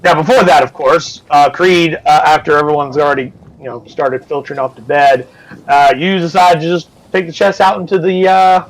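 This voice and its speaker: A man's voice: a little high, little pitch movement, normal speed, poor audio. Casual rambling male game master. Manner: loose, rambling, full of fillers and swearing. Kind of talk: narrating a live-streamed tabletop game.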